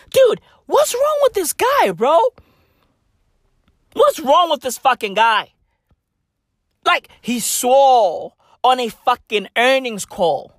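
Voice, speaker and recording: A woman doing a comedic rant, full of slang and swearing, leaning on "bro" and "bruv", and swinging between shouts and whispers. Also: mid-range voice, dry recording, clean studio sound.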